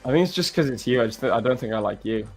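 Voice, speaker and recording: A man's voice: mid-range voice, lively intonation, rapid-fire, faint music behind. A man hosting a live stream, joking around, laughing often and calling people bro and mate. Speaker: stream host. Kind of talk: casual banter on a live stream.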